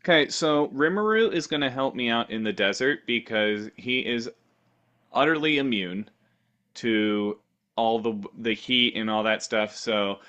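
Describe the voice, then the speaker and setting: A man's voice: medium pitch, unhurried, sharp tone, dull audio. A man co-hosting a podcast, telling silly improvised stories in a playful, rambling way. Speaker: podcast co-host. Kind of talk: casual improv chat.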